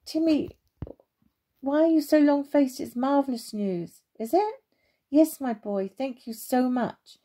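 A woman voicing a wise old oak tree in a storybook. He speaks gently and reassuringly, with a dark, soft tone. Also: sits high, a little slow, voice pushed up.

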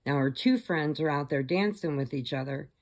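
A woman's voice: deep voice, moderate pace. A woman vlogger chattily retelling a horror film plot, acting out the characters along the way. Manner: chatty, animated, acts out the characters' voices. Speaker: crochet vlogger.

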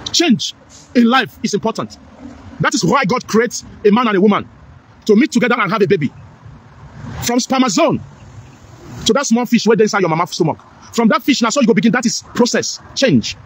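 Fast, high-voiced Nigerian man ranting. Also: expressive, slight background noise. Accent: Nigerian, with Pidgin. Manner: preachy, repetitive, emphatic. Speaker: political commentator. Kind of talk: impassioned monologue.

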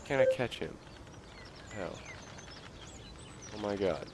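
Excitable young man with a lively, swooping voice. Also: on the low side, slow, very noisy. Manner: excitable, swearing, coaxing the fish. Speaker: gaming video creator. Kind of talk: casual gameplay commentary.

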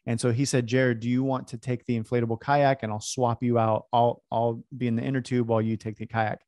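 A man from California telling a personal story in an animated, self-deprecating way to an audience. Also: medium pitch, a little fast, dry recording, studio quality. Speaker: speaker. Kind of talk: storytelling talk.

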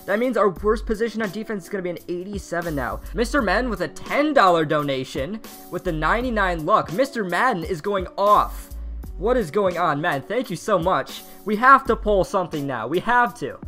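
A young man streaming live while opening card packs in a mobile game. He chats with viewers, reads chat aloud, and bursts into shouting and laughter at big pulls. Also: high voice, animated, moderate pace. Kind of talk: live pack-opening commentary. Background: faint background music.

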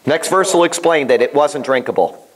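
A man teaching a Bible class in a casual, animated way, telling stories and often restarting his sentences. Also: on the high side, normal speed, crowd noise. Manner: animated, storytelling, repeats himself, many restarts.

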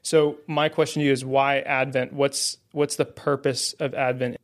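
In a casual faith-podcast conversation, a man serving as guest co-host talks at normal speed with a flat, mid-range delivery. He's friendly, makes fun of himself, and uses many fillers, holding the microphone close to his mouth.

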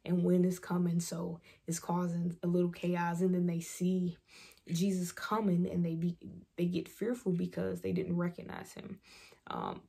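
A woman shares an earnest devotional reflection, moving between scripture and her own story. Her voice sits low and carries a gravelly, husky edge. The tone is mellow and dark rather than bright. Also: flat delivery, moderate pace. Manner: earnest, reflective, personal testimony. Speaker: vlog host. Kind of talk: devotional talk with scripture reading.

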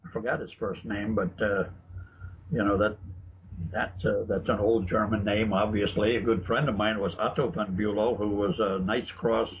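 A man's voice: lowish voice, level tone, moderate pace. Chatty man on lo-fi radio. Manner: chatty, anecdotal, frequent restarts. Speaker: guest author and researcher. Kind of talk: casual interview talk, storytelling. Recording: dull lo-fi broadcast audio with faint noise.

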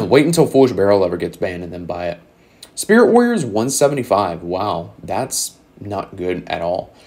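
A young man hosting his own channel, giving blunt, sarcastic commentary on card prices in a casual way, a little hoarse as he says he is losing his voice. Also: on the low side, sing-song, normal speed, darkish tone. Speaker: channel host.

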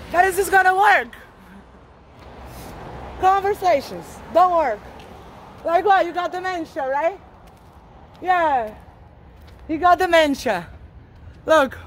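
A woman's voice: extremely high pitch, fairly bright tone, slight background noise. A woman ranting bluntly and combatively while walking outdoors on a city street, swearing a lot. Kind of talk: profane street rant.

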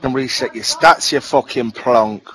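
A man's voice: mid-range voice, measured pace, pushed and bright, low-quality recording. A man swearing and scornful in game voice chat, hurling insults. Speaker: online game player.

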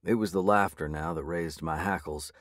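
A man reading a first-person audiobook in a measured, gritty way. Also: sits low, a bit bright, dry recording, clean studio sound. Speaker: audiobook narrator.

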